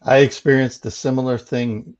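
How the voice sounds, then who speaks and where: A man's voice: mid-range voice, level tone, normal speed, a little mellow. A man hosting a casual interview who laughs often and answers with short agreements. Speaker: host. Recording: dull lo-fi sound.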